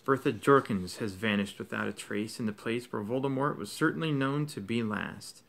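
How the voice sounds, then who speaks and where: A man's voice: on the low side, normal speed, creaky, fairly bright tone. A man reading as a grave old headmaster. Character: wise old male headmaster, calm and grave. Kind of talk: reading a novel aloud.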